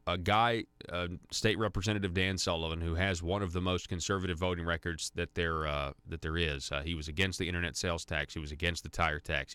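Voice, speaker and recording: A man talks on a radio call-in show in a loose, rambling way, full of fillers and restarts. His voice sits very low and sounds smooth and resonant. The studio sound is close and dry. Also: bright, forceful tone, no echo. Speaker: radio talk show host. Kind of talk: conservative talk radio monologue.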